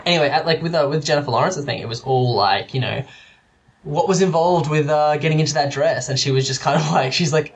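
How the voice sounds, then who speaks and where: A man's voice: fairly high pitch, brisk, gravelly, a little hiss or hum. A man chatting casually about films, rambling with lots of fillers and restarts. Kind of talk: casual chat.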